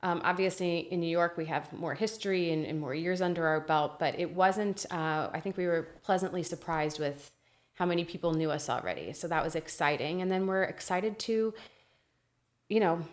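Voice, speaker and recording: Low-voiced woman, guest in a chat. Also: moderate pace. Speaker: guest, restaurant manager. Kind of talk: casual interview chat.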